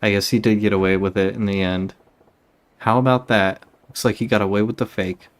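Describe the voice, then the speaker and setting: A man's voice: fairly low pitch, fairly even intonation, fairly quick. A man giving casual, wry commentary while playing a video game. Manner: wry, joking asides. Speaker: let's play gamer.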